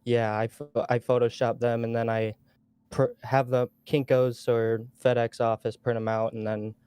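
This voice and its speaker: A man's voice: medium pitch, flat delivery, moderate pace, warm tone, clean tone, dry recording, studio quality. Hesitant young-sounding male caller. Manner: shy, hesitant, filler-heavy. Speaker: caller, community member. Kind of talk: casual chat.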